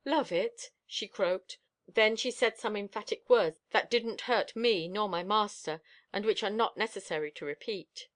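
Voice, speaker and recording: Expressive woman audiobook reader. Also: medium pitch, normal speed.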